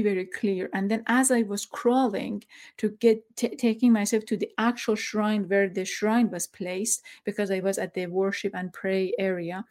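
A middle-aged woman tells a personal story. She speaks haltingly and emotionally, stopping to search for words and using many fillers, and sounds close to tears. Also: medium pitch, darkish tone. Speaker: former journalist.

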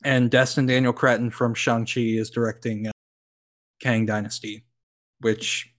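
Slightly slow and a touch bright, the man's mid-range voice stays flat as he co-hosts a podcast. The conversation is loose and rambling, peppered with fillers and plenty of laughs.

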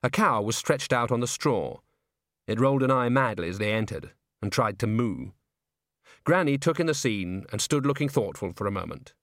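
A man narrating a comic fantasy novel in a wry, measured storytelling voice. His pitch is middle but rises and falls with lively expression. The recording is dry and close. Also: no room sound. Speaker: audiobook narrator. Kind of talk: scripted narration.

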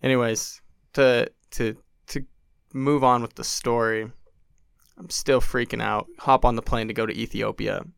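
In a clean, dry studio recording, a young man guesting on a podcast unhurriedly recounts a long story in casual conversation. His medium-pitched voice is gravelly yet clean in tone, and he's animated, performing other people's lines and saying "like" a lot.

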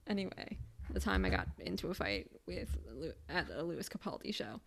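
A woman's voice: on the low side, very animated, fairly quick, vocal fry. A young woman in her twenties, co-hosting a podcast and telling a story in casual, profane chat. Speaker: podcast co-host.

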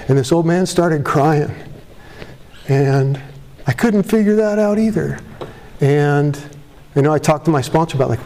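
Candid man, mellow voice. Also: a little high, moderate pace, a little hiss or hum. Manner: candid, self-deprecating, rambling with restarts; voice cracks with emotion. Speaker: speaker at a recovery meeting. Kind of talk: personal recovery talk to a live audience. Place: meeting room before an audience.

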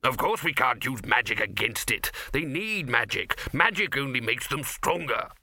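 A man playing a pompous older wizard who blusters in a drawn-out way. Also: medium pitch, lively intonation, sharp tone, dry recording, clean studio sound, full character voice. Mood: blustering.

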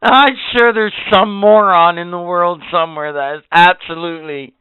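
A man's voice: sits high, fairly even intonation, normal speed, a little hiss or hum. Ranting profane man, tinny phone-like line. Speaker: podcast co-host. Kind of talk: casual chat. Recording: tinny phone-like sound, dry.

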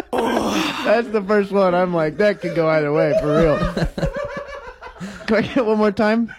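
A man's voice: sits high, normal speed, creaky, crowd noise. A man appearing as a comedian guest on a radio show, laughing and playfully mock-boastful. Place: radio studio. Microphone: close studio microphone.

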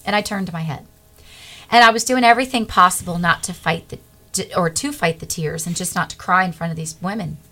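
A middle-aged woman, a guest, telling a personal faith testimony in an earnest, animated way. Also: on the low side, fairly quick.

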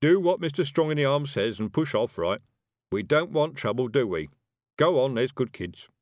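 A man acts out a scruffy young male wizard, nervous and hesitant as he tries to calm things down in a storybook reading. The voice sits a bit higher than the reader's own, and the recording is close and dry. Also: normal speed, clean tone, dry recording, lightly acted.

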